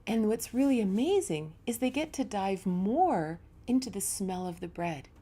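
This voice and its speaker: A woman yoga teacher giving a reflective spiritual talk, telling stories in a relaxed, conversational way. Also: medium pitch, moderate pace.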